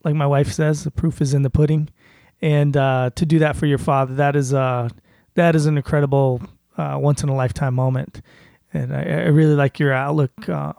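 Gravelly-voiced male podcast host. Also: fairly high pitch, no echo, studio quality. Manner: warm, appreciative responses with quick laughs. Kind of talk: interview host.

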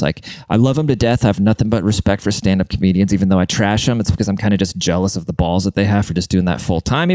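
A man's voice: fairly low pitch, a little mellow, no echo. A man ranting in a casual monologue, blunt, profane and mocking.

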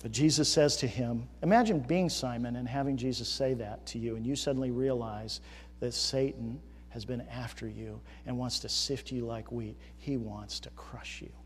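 Emphatic preacher in a reverberant hall. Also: male voice, medium pitch, steady tone, normal speed, slight background noise. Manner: builds from quiet reflection to loud emphatic questioning. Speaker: pastor. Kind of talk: sermon.

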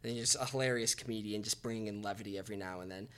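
A man with a bright, clear-edged voice talks through musicals on a podcast, laid-back and explanatory. His delivery stays conversational, with friendly detail. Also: on the low side, rapid-fire. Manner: relaxed, explanatory, hums melodies to illustrate. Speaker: podcast co-host. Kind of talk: casual chat about musicals.

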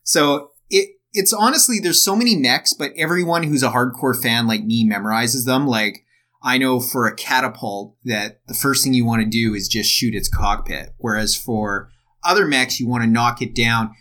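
A man's voice: mid-range voice, moderate pace, sharp tone. A man co-hosting a casual podcast, talking enthusiastically and rambling with lots of fillers. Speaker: podcast co-host. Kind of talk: casual chat.

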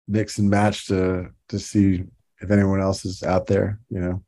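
A man as a podcast guest, telling stories in a relaxed way with laughs and fillers. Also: sits low, measured pace. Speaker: podcast guest, toy designer. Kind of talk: casual interview.

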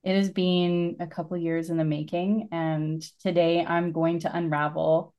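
A woman with a low voice speaks as a guest in a casual podcast interview. She is earnest and open and laughs easily as she talks about her work. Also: little pitch movement, measured pace, mellow, dull audio. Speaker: podcast guest, business coach.

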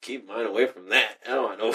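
Young dude, husky voice, swinging pitch, cussing and laughing, bit far from the mic. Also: male voice. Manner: laughing, swearing, animated storytelling. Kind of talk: casual profane banter.

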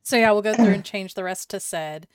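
A woman co-hosting a casual chat about writing, talking in a relaxed way full of "like" and "kinda". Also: mid-range voice, fairly quick, slight background noise. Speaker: podcast co-host critiquing writing.

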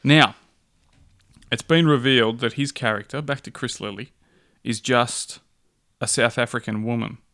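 A man's voice: mid-range voice, fairly even intonation, normal speed, a bit bright. A man co-hosting a podcast, casual with dry, wry remarks. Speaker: podcast co-host. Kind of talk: casual chat.

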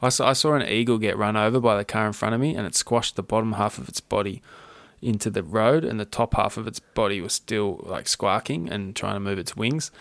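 A man's voice: on the low side, fairly quick, gravelly, hardly any pauses, dry recording. An Australian man co-hosting a casual chat, talking in laid-back, wry banter.

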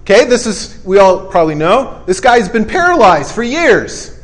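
A man's voice: sits high, very animated, normal speed. A male preacher giving a conversational sermon, emphatic and repetitive with folksy asides.

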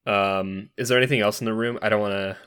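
A man playing a tabletop role-playing game speaks in a casual, hesitant way. His voice sits a little low. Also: fairly even intonation, fast talker, a bit bright, smooth. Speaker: player.

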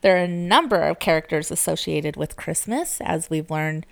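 A woman with a slightly low voice hosts a relaxed podcast chat. She tells folklore in a playful way and laughs often. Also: normal speed, creaky. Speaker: podcast host.

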